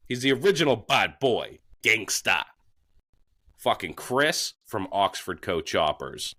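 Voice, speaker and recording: A man co-hosting a podcast, reading sponsor shout-outs in a crude, joking way with plenty of swearing. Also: lowish voice, big pitch swings, slow. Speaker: podcast co-host.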